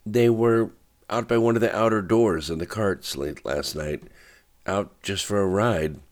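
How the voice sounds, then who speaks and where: A man's voice: lowish voice, unhurried, pitched above the performer's own voice, lightly acted. A man voicing a young male bodyguard who speaks in short, guarded, clipped phrases.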